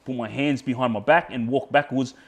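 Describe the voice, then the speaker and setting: Australian guy, mid pitch, conversational guest, rambles and repeats words. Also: steady tone, fairly quick. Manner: rambling, repeats words and restarts, quotes himself. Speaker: podcast guest. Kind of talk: casual storytelling.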